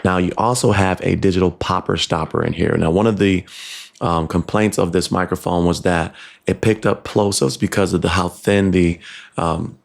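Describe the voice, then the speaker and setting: A man with a very low, gravelly voice walks through a tech demo in his home studio. He talks in a relaxed, explanatory way, with plenty of ums and restarts as he clicks through settings on a desk microphone. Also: moderate pace. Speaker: tech reviewer. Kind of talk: casual product demo. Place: home studio with computer fans nearby. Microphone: dynamic USB/XLR desk mic, switching to camera shotgun mic.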